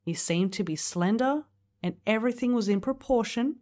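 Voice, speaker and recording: A woman's voice: on the high side, lively intonation, normal speed, darkish tone. A woman co-hosting a podcast, casually telling a story, swearing now and then and laughing along. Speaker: podcast co-host.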